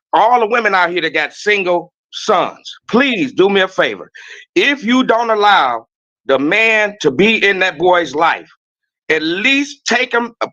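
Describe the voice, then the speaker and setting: A man calling in to a talk show, telling stories in a loud, blunt, preachy way. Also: high-pitched, muffled recording. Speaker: caller. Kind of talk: casual talk-show call.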